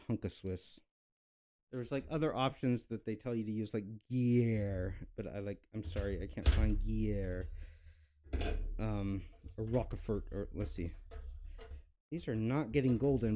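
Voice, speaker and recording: A man's voice: on the low side, steady tone, unhurried, long pauses, warm tone, slight background noise. A young man hosting a cooking video, chatting casually and rambling with lots of fillers and self-mocking jokes. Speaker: cooking channel host. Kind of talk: casual cooking vlog chat.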